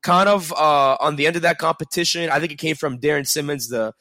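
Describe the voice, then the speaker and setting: Bright-voiced young man talking football. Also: a little high, fairly quick, dry recording, clean studio sound. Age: 20s. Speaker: sports reporter. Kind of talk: casual panel discussion.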